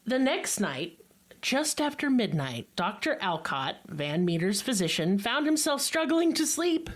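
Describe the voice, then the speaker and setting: A woman's voice: medium pitch, very animated, measured pace. A woman hosting a podcast, telling a strange story in a casual comedic way, full of swearing and sarcastic asides. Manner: profane, giggly, sarcastic asides.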